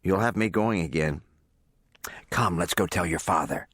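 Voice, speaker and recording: A man voicing a kindly, gentle middle-aged mother in an audiobook. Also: low-pitched, normal speed, no echo, clean studio sound. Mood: fond.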